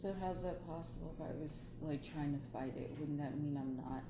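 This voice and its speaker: A woman's voice: deep voice, normal speed. A woman being hypnotized, asking curious questions in casual talk with many "like"s. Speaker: hypnosis subject. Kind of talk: casual chat. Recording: roomy with clear ambient noise.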